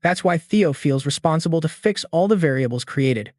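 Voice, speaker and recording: A man narrating a story recap in a steady, scripted storytelling manner. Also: fairly high pitch, moderate pace.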